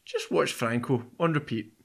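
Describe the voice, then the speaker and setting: A man co-hosting a film podcast, chatting casually and excitedly, laughing often as he rambles. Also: mid-range voice, moderate pace, creaky, husky.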